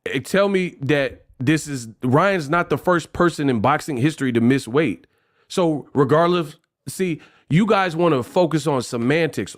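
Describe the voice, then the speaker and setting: A man hosting a casual livestream, talking in a lively way, rapping short rhymes and reading donation messages aloud. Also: on the high side, moderate pace. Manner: animated, freestyles rhymes, reads donations aloud. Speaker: livestream host.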